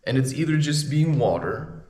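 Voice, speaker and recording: A man in a ranting vlog monologue, heated and animated, with his pitch swinging widely. The room around him rings with a noticeable echo. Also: moderate pace. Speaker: spiritual advice vlogger.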